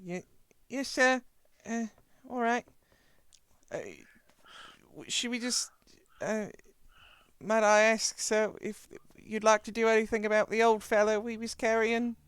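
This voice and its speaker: A timid, stammering servant who bows and scrapes before his master, as a man puts him on in a tabletop game. His voice sits much higher than the game master's own and sounds a little off-mic. His grammar slips the way a low-born man's would. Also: steady tone, measured pace, long pauses, fairly bright tone, clear, resonant tone, dry recording. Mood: hesitant. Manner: stammering, humble, ungrammatical. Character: meek deferential male servant, low-born.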